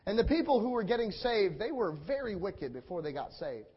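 A man with a very high, husky voice preaches a sermon with passion, stacking repeated phrases into rhetorical build-ups and acting out what people say. The recording sounds dull and lo-fi. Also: very animated, fairly quick. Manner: impassioned, repetitive rhetorical build-ups, acts out quotes.

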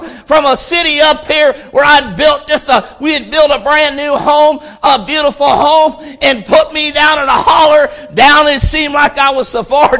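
Fiery preacher, high bright voice. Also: male voice. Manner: impassioned, repeats phrases, rises into shouts. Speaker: pastor. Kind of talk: fervent revival sermon. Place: church service.

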